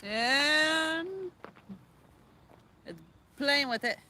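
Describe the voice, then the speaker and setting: A woman joins her husband's live fishing stream from outdoors, trading relaxed small talk with him. Her voice is bright and clear, a little higher than most women's, with faint outdoor noise behind it. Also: extremely slow. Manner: chatty, relaxed back-and-forth with her husband. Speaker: host's wife, co-host. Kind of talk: casual chat.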